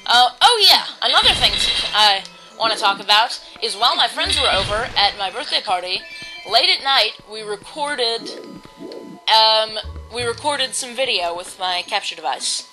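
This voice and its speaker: A woman's voice: a little high, expressive, normal speed, low-quality recording. Chatty woman rambling over game music. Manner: chatty, rambling, many ums and restarts. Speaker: let's play host. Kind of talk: casual gameplay commentary.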